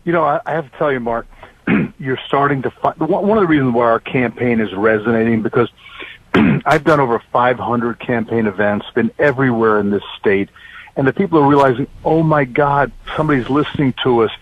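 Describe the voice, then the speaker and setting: A middle-aged New Jersey man running for office phones in to an interview from a campaign event venue, full of upbeat campaign energy. His mid-range voice moves fairly quickly over a tinny phone line with no room sound.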